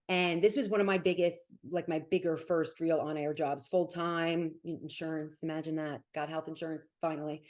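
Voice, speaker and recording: A woman in her forties with a New Jersey accent, a sports broadcaster talking quickly and animatedly as an interview guest. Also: lowish voice, a little mellow. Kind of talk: casual interview.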